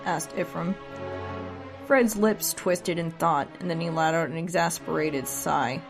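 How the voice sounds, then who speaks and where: Drunk woman with a gravelly low voice. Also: moderate pace, soft background music. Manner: loose, rambling with asides. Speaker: storyteller. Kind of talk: casual story reading. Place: at home under a blanket for sound insulation.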